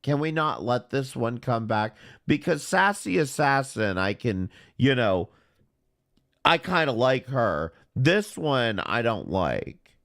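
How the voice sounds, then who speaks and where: A man hosting a commentary show, talking in a sarcastic, deadpan way. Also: mid-range voice, takes it slowly, creaky. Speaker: commentary channel host. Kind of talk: casual mocking commentary.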